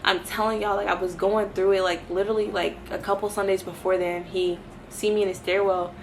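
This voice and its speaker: A woman in her early twenties giving an animated personal testimony and talking straight to her viewers. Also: medium pitch, a little fast, a little hiss or hum. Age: early 20s. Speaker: vlogger sharing a faith testimony.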